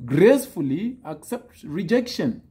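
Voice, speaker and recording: Man, casual advice talk, mellow voice that swoops up and down, teasing delivery. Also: high-pitched, unhurried. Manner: lively, teasing, acts out quoted texts. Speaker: dating advice speaker.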